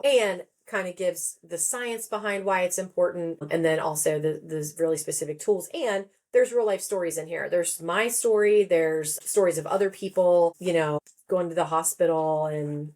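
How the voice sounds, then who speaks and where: Low-voiced animated woman therapist. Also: moderate pace. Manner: animated, emphatic, laughs often. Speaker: guest, psychotherapist and author. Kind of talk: podcast interview talk.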